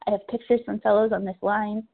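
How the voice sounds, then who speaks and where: Woman sharing at a recovery call, kinda gravelly, halting, over the phone. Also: medium pitch, level tone. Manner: halting, searching for words, candid. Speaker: recovery meeting member sharing. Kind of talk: personal share on a phone meeting. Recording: phone line.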